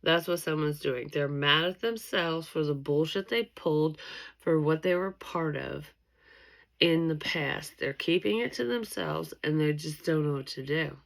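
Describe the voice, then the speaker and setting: A woman's voice: sits low, unhurried, creaky. A woman doing a casual, tipsy tarot reading, loose, giggly and swearing freely. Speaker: tarot reader.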